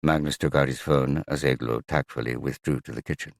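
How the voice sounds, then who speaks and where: A man reading a novel aloud in a measured, even manner. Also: a bass voice, vocal fry, no room sound, studio quality. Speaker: audiobook narrator. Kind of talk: scripted narration.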